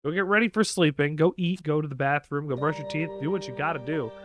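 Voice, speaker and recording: A man's voice: fairly high pitch, fast. A man streaming a video game, giving casual, chatty, playful commentary.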